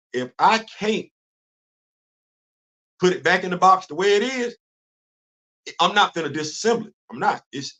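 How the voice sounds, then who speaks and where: Middle-aged male host, high-pitched, lively and repetitive delivery, casual livestream talk. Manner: animated, repeats himself, self-questioning asides. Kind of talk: casual solo livestream chat. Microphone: livestream studio setup.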